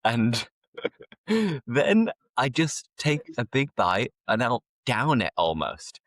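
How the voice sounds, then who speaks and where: A man's voice: medium pitch, huge pitch swings, slow, dry recording, studio quality. A man hosting a casual chat, laughing easily and turning to talk straight to his viewers. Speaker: host, English teacher.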